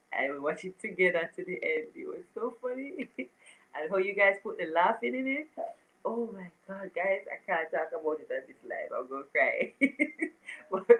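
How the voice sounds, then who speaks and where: A woman hosts a casual live stream, reading out viewer comments and calling greetings to people by name. Her voice sits fairly low, yet it leaps around with lots of melody. She laughs often and gets animated as she chats. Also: poor audio. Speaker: livestream host.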